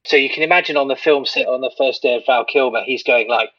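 A man with a husky voice, giving dry, opinionated takes in a casual film chat. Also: medium pitch, fast talker, dry recording, muffled recording.

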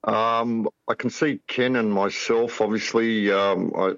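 A man's voice: on the low side, fairly even intonation, slow, a bit bright, no echo. A middle-aged Australian man, a project founder, speaking hesitantly with many fillers as a guest over a muffled remote call. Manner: hesitant, many ums and uhs.

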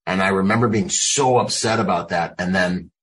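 A man's voice: sits low, normal speed, fairly bright tone, low-quality recording. A military veteran, a man, recounting his experiences in loose, casual storytelling full of "like.".

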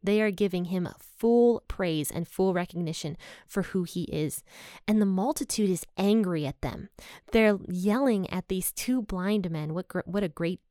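A woman's voice: on the low side, unhurried, warm tone, dry recording, studio quality. Earnest woman giving a casual devotional. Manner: earnest, personal, conversational. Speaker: Bible teacher.

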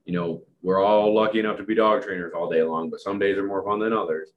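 Low-voiced male podcast host, loose and rambling, self-deprecating humor. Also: steady tone, fast talker, phone-quality sound, slight background noise. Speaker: podcast host and dog trainer. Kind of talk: casual podcast chat.

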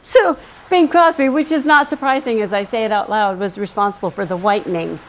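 A woman's voice: mid-range voice, a little fast, a little hiss or hum. A woman hosting a comedy podcast in a playful, theatrical manner, improvising with her guest. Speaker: podcast host.

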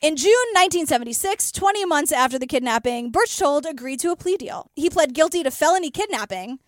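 A woman's voice: sits high, animated, fairly quick, no room sound, studio quality. A woman co-hosting a podcast in casual chat, telling the story with outraged, profane animation. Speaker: podcast co-host.

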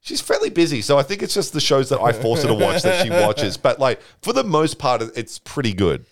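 A young man rambling through a casual comedy podcast, piling up fillers and restarts as he goes. His voice sits at an ordinary middle pitch, relaxed and unforced. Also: a little fast.

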